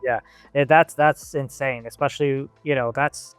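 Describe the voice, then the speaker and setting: A man hosting a podcast, chatting casually with a guest, agreeable and quick to chime in. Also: medium pitch, fairly even intonation, clear, resonant tone, no echo, faint music behind. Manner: agreeable, quick back-channel replies. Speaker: podcast host. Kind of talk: casual interview chat.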